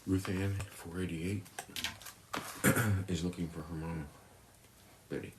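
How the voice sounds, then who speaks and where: A woman putting on the voice of a deadpan male moderator, reading out messages in a flat, mock-serious tone. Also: very deep voice, takes it slowly, background noise, pitched below the performer's own voice.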